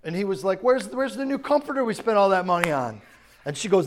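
A man's voice: sits high, expressive, quick pace. A man preaching a sermon in a conversational way, often asking the congregation whether they understand. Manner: conversational preaching, asks the crowd questions. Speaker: pastor.

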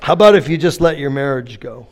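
A man's voice: mid-range voice, animated, quick pace. A middle-aged man preaching a sermon, telling funny family stories and acting out the exchanges before turning to call-and-response preaching. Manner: humorous storytelling, acts out exchanges. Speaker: pastor.

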